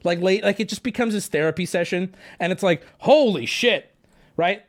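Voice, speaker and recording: A man's voice: high voice, fast. A young man telling a rambling story on a live stream, talking to chat and swearing freely.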